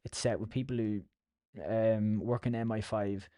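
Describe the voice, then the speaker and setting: A man's voice: on the low side, fairly even intonation, a little slow, warm tone, smooth, no room sound, studio quality. A young Irish man hosting a solo podcast, chatty and self-mocking, swearing freely as he tells his stories. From Ireland. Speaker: podcast host. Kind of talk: casual solo podcast ramble. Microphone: podcast mic.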